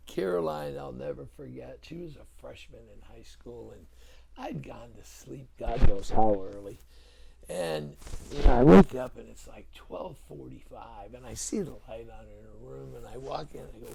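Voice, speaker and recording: Middle-aged male coach, very gravelly tone, animated restarts, crowd noise behind. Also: mid-range voice, normal speed, poor audio. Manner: animated storyteller, frequent restarts. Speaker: head football coach. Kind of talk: casual chat.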